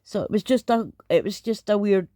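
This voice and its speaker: A woman's voice: medium pitch, brisk, mellow, dry recording, studio quality. A Scottish woman reacting to videos in casual, hesitant commentary with many fillers.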